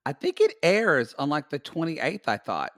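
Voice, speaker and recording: A man's voice: a little high, big pitch swings, normal speed, fairly bright tone. Playful, swearing gay man podcast host. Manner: playful, teasing, swears freely. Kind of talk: casual chat.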